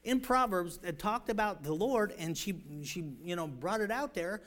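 This sermon comes from a male pastor with a high voice at normal speed, who rambles through it with lots of fillers and false starts. At moments he booms out emphatic lines, at others he drops into quiet storytelling.

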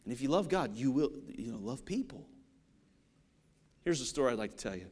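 A man preaching a sermon, animated and storytelling, acting out the people in his stories. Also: mid-range voice, a little fast. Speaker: pastor.

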